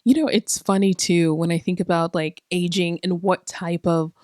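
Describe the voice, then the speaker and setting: A woman's voice: lowish voice, fairly even intonation, normal speed, a little mellow, no echo, clean studio sound. A woman in her forties hosts a podcast in a casual, comedic monologue. She talks loosely and profanely, asks rhetorical questions and laughs often at herself. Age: 40s. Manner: chatty and self-mocking, laughing often. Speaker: podcast host.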